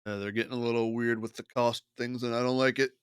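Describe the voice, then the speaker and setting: Fast and fairly flat in pitch, a man's mid-range, clean-toned voice runs through casual commentary on a digital card game he's streaming, muttering his plays. It's studio quality with no room sound.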